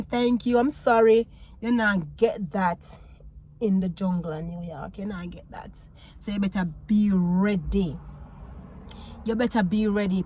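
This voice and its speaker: A Jamaican woman vlogging, telling a story in a casual, animated way, laughing often and mixing patois with English. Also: mid-range voice.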